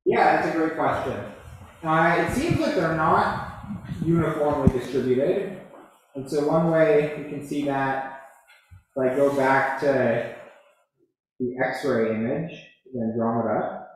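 A man, an astrophysicist, answering audience questions at a public lecture, thoughtful and hedging with many restarts. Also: fairly high pitch. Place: lecture hall. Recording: echoey hall.

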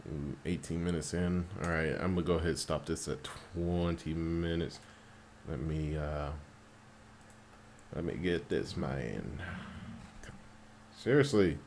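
Deep-voiced guy playing a phone game, chatty and hyped, cusses at the screen, slight hiss behind. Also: measured pace, pauses often. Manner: excitable, talks at the game, swears when annoyed. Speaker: mobile game player narrating gameplay. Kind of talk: casual gameplay commentary.

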